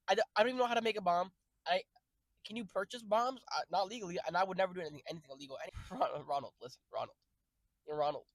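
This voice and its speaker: High-voiced young man rambling jokily. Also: no room sound, poor audio. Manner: jokey, rambling, profane, sudden loud outbursts. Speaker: streamer. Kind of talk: casual rambling stream chat.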